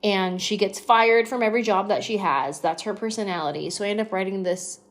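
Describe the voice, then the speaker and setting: A woman comedian in her thirties, a podcast guest telling animated stories and slipping into quick impressions. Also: mid-range voice. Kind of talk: storytelling podcast interview.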